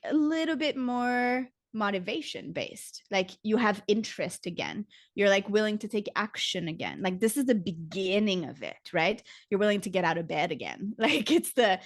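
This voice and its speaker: A woman, a yoga teacher and somatic coach, calmly explaining things as an interview guest and often saying "like.". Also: medium pitch, no room sound, clean studio sound. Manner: calm, teaching, uses "like" often. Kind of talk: casual explanatory interview talk.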